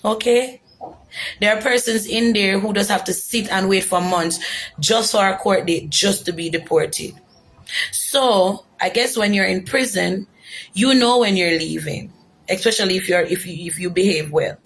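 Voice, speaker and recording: Young Jamaican woman with a gravelly voice, earnest and emotional first-hand testimony. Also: medium pitch, normal speed, a little hiss or hum. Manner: earnest, emotional, repeats for emphasis. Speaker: former detainee telling her story. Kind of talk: personal testimony.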